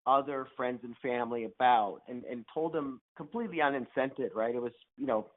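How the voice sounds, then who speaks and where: Casting: male guest, mid-pitched voice, rambling with restarts, phone-line sound. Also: brisk. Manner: rambling with many restarts and fillers. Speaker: guest, startup founder. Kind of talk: interview answers. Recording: tinny phone-line audio.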